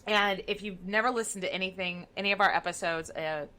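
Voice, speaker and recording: Bright-voiced chatty woman podcaster. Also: mid-range voice, fairly quick. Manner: chatty, wry, swearing. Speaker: podcast co-host. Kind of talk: casual chat.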